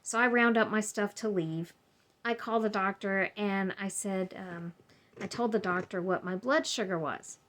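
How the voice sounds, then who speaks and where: A woman's voice: medium pitch, measured pace, a bit bright. A woman vlogger casually telling a personal story to her camera at home, rambling and acting out what other people said. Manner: chatty, rambling, acts out quoted people.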